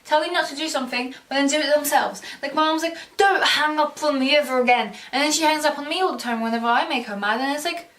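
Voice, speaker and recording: A woman's voice: high voice, quick pace, a bit bright. Teen girl vlogger, sarcastic rambling rant, recorded from a distance in an echoey room. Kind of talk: ranting vlog monologue. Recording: roomy sound, mic far off.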